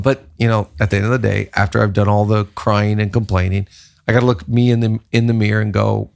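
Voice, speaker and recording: A man with a gravelly, rough-edged voice hosts a leadership podcast. He talks in a lively preaching rhythm and stacks up repeated phrases to drive each point home. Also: fairly low pitch, fast talker. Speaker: podcast host, pastor. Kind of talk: casual leadership podcast talk.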